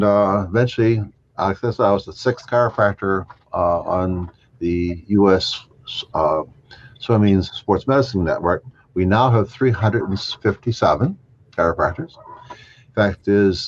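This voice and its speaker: An older man, a chiropractor guest, telling lively anecdotes in an interview, acting out the other people in his stories and chuckling along. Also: low-pitched. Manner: animated anecdotes, acting out quoted voices, chuckling. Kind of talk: storytelling interview. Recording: dull lo-fi dry sound.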